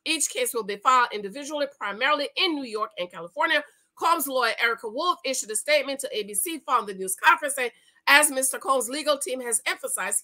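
A woman's voice: sits high, pushed and bright, poor audio. A middle-aged woman hosting a commentary vlog, reading news aloud and reacting indignantly while talking straight to her viewers. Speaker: YouTube commentary host.

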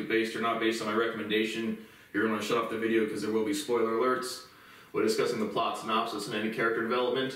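A man giving a casual spoken film review, rambling and halting, with many fillers and restarts. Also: medium pitch. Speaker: movie reviewer. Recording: very echoey room, voice far from the mic.

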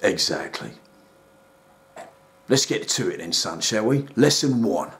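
A man voicing a gruff middle-aged London rehab counselor who talks down in a deadpan, patronizing way. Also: measured pace. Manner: low, deadpan and patronizing, calls everyone son. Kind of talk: sketch comedy voice acting.

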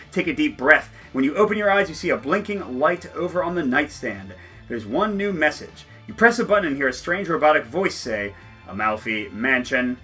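A man's voice: on the high side, bright, forceful tone, breathy edge. A man playing through a solo board game, reading the story text aloud and joking between rolls, often laughing.

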